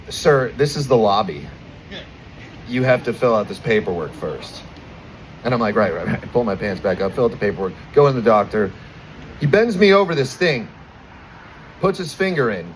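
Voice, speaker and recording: Young american comic, crude animated stand-up, faint noise around him outdoors. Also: male voice, medium pitch, rough recording. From United States. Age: 20s. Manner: crude, animated storytelling with acted-out quotes. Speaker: stand-up comedian. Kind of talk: stand-up comedy set. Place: outdoors at a bar.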